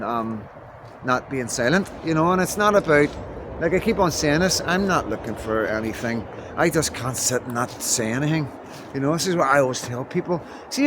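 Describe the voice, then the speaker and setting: A man's voice: fairly high pitch, slight background noise. Northern Irish man, rambling to camera. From Belfast, Northern Ireland. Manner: rambling, repeats "you know what I mean". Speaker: vlogger. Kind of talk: casual talk to camera. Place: indoors in Scotland.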